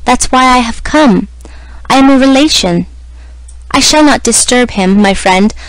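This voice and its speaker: A woman voicing a middle-aged aristocratic mother who is anxious, imploring and gently insistent. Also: a little high, expressive, a little slow, no echo, poor audio.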